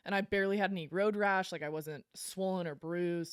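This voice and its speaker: A woman's voice: low voice, steady tone, quick pace, no room sound. Frank woman telling her story, dry sound. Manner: blunt and frank, swears casually, laughs between lines. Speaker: podcast guest. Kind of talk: candid storytelling interview.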